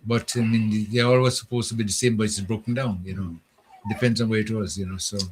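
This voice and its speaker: A man hosting a casual call-in radio talk show, relaxed, laughing often and replying with quick agreement. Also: fairly low pitch, a little hiss or hum. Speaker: radio host.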